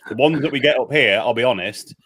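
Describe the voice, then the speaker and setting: A man co-hosting a casual livestream, chatting wryly and relaxed over a beer. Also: mid-range voice, quick pace, slight background noise. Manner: relaxed, wry, a bit hesitant. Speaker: livestream co-host.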